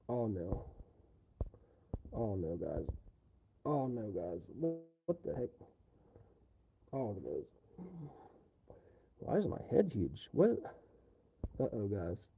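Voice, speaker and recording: A man's voice: on the low side, dark tone, a little hiss or hum. A man live-streaming from home, talking casually in a flustered, exclamatory way.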